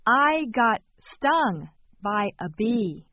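Woman reading lesson phrases slowly n carefully, dry close sound, kinda high voice. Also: no room sound. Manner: calm, careful enunciation. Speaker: language lesson speaker. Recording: dull, lo-fi sound.

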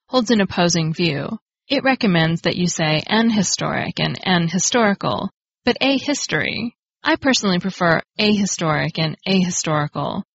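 A woman hosting a podcast, reading a scripted grammar lesson in a clear, explanatory way and stressing the key words. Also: lowish voice, no room sound. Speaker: podcast host. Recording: dry, slightly dull lo-fi studio recording.

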